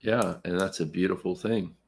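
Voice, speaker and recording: A man's voice: low-pitched, fairly even intonation, moderate pace, vocal fry, slightly rough. A man in a casual live conversation, talking in a reflective, easygoing way. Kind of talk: casual chat on a live stream.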